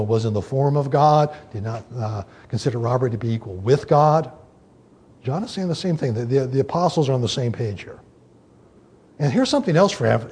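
A man's voice: medium pitch, slightly rough. A man teaching a Bible study, explaining the scripture in an emphatic way, with many fillers and restarts.

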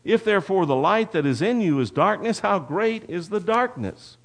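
A man's voice: high voice, expressive, normal speed. A man preaching a sermon, folksy and talking straight to the congregation, with a personal story. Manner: folksy, addresses the congregation directly. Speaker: pastor.

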